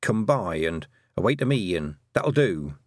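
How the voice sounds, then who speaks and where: A man's voice: sits low, very animated, measured pace, no echo, studio quality. A man voicing an earnest, stubborn young farm girl who argues her point insistently. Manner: insistent, argumentative.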